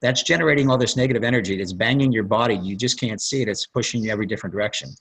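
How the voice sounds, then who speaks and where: A man's voice: mid-range voice, very fast, fairly bright tone, husky, poor audio. A man, a plastic surgeon guest on a conference call, telling rambling stories and acting out what people said. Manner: rambling storyteller, acts out quotes.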